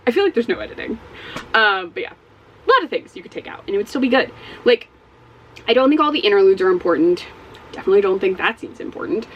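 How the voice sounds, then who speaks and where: Lively, exasperated woman vlogger. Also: mid-range voice, fast talker, long pauses, husky, lo-fi sound. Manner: animated and exasperated, swears often. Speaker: book vlogger. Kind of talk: casual spoken book review.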